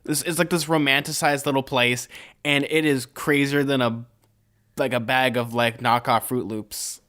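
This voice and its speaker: A young Californian co-hosts a casual podcast, chatting in an easygoing, rambling way packed with filler words. His mid-range voice is fairly bright, with fairly even intonation and a moderate pace.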